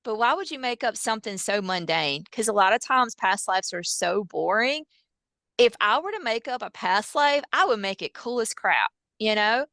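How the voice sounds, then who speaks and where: A woman with a bright, tense-edged voice tells stories in an animated, chatty way. Her tone is smooth and clear, full of fillers and acted-out quotes. The recording is close and dry. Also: a little high, moderate pace, no room sound. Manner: lively, filler-heavy retelling with quoted dialogue. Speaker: hypnosis practitioner guest. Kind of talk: animated storytelling in casual chat.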